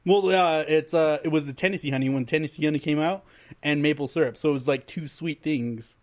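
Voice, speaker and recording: A man's voice: on the high side, brisk, darkish tone. A man hosting a casual podcast, telling a rambling party story and laughing through it. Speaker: podcast host.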